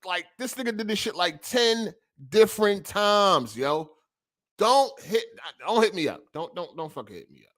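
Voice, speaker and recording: A young man with a high, light voice hosts a gaming show and rants in a loose, profane, slang-heavy monologue. He talks with animated energy and swears freely. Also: normal speed. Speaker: podcast host. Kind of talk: casual ranting monologue.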